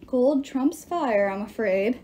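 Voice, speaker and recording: A woman's voice: a little high, lively intonation, takes it slowly, dark tone, slight background noise. A woman voicing a greedy old king with a golden touch, smug and mock-apologetic.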